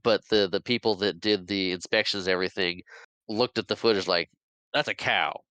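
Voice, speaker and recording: A man's voice: low-pitched, steady tone, a little fast, a bit bright, clean tone, dry recording, poor audio. A man co-hosting a podcast, rambling through a casual film recap and laughing often. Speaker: podcast co-host.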